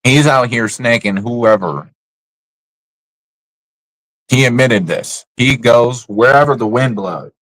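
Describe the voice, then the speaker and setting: A man's voice: medium pitch, slow pace, pauses often, a bit bright, no echo, poor audio. A man streaming live, ranting bluntly about other creators in casual, profane slang. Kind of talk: casual livestream rant.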